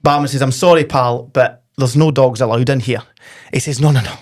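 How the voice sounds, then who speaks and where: A Scottish man hosting a casual football podcast, telling jokes in a lively storytelling way. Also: medium pitch, brisk. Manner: joke-telling, animated storytelling. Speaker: podcast host.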